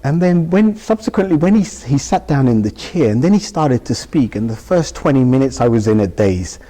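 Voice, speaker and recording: A British man, a guest in an interview, emotionally recounts a personal experience and acts out the dialogue vividly as he goes. His mid-range voice is very animated, fairly quick, and dark in tone. A long reverb tail trails his words.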